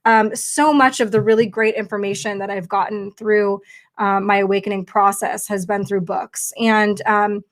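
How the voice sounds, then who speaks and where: A woman's voice: mid-range voice, flat delivery, normal speed. A woman hosting a casual livestream, talking chattily and rambling with lots of fillers into her computer mic. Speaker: livestream host.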